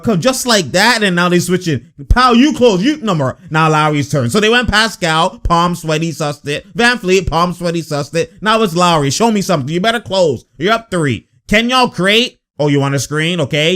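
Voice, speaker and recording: A man giving casual, slang-filled reaction commentary on basketball footage, animated and exasperated. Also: fairly high pitch, moderate pace.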